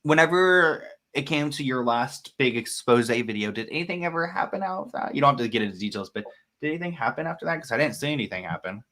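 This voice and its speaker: A man's voice: mid-range voice, lively intonation, fast, sharp tone. A man hosting a casual live stream, chatting in a rambling way and greeting viewers by name. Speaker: host.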